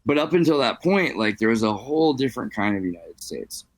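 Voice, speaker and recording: A man's voice: medium pitch, big pitch swings, fairly quick, dry recording. Rambling man on a dry mic. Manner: rambling, digressive, tosses in French phrases. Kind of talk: casual podcast chat.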